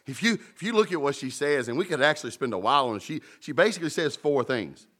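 A man preaching a sermon, animated and humorous, with sudden jumps in pitch. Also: fast. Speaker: pastor.

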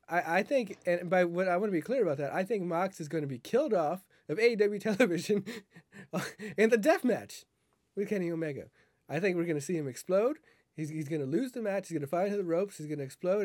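High-voiced man, dry close podcast sound. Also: a little mellow, no echo. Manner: rambling, laughing, apologetic asides. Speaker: podcast host. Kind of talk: casual chat.

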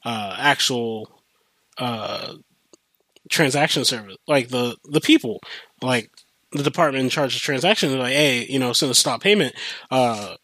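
A young man hosting a podcast, telling a rambling, profane story in a casual, animated way with many restarts. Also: medium pitch, measured pace, no echo. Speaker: podcast host.

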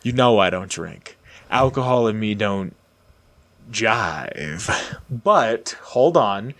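A man's voice: on the low side, takes it slowly. A man in his late twenties telling a long story in casual podcast chat, acting out the people he quotes. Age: late 20s. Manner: animated, acts out quoted voices.

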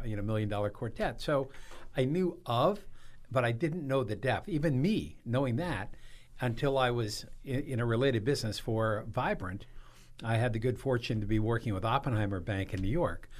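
A man talking as a guest on a radio show, telling jokey stories and laughing often. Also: lowish voice. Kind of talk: casual radio chat.

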